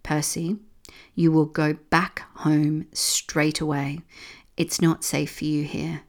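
A woman's voice: low voice, little pitch movement, slow. A woman reading a storybook aloud and voicing a stern but loving grandmother who speaks firmly. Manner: firm, stern.

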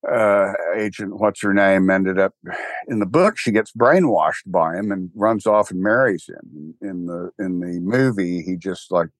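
An older man with a Texan accent, a guest who co-founded a church, rambles wryly in a casual interview chat full of restarts and fillers. His voice is low-pitched and measured, with no room sound.

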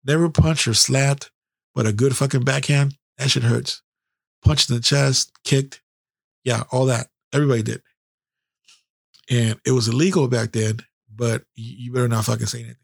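Middle-aged male podcast host, gravelly and blunt, swearing freely through a candid story. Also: mid-range voice, fairly even intonation, normal speed, dry recording, clean studio sound. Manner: blunt and heavily profane.

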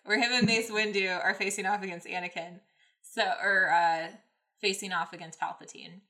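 A woman hosts a podcast and recaps a story in a loose, rambling way, full of fillers. Her voice is bright and forward. She keeps it casual and chatty. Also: medium pitch, steady tone, normal speed. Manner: rambling, many ums and likes, laughing. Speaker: podcast host. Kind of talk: casual fanfic recap and reading.

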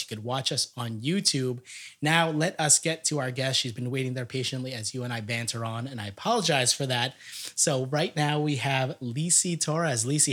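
A man's voice: medium pitch, a bit bright. A young adult man hosting a casual podcast, upbeat and chatty, laughing often. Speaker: podcast host.

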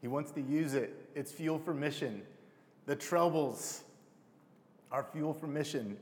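A man's voice: on the high side, long reverb tail. A man preaching a casual, heartfelt sermon to a congregation, calling them "you guys". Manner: casual, emotional, addresses crowd as "you guys". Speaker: pastor.

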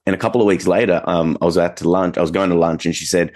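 A man's voice: low-pitched, steady tone, fast talker, hardly any pauses, a little mellow. A man hosting a podcast, telling stories in a loose, rambling way with plenty of fillers. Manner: rambling storyteller, many fillers. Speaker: podcast host. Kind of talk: casual conversation.

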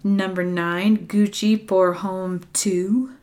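Slow, hesitant woman reading a list. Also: mid-range voice, fairly even intonation, a little mellow. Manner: hesitant, unsure pronunciations, trailing asides. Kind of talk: casual chat reading out a ranked list.

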